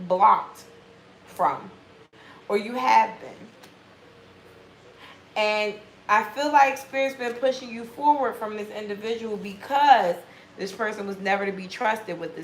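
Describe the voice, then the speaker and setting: Woman, tarot reader, blunt and swearing, fairly high voice, roomy echo, faint background hiss. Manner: blunt, profane, animated commentary. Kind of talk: casual tarot reading.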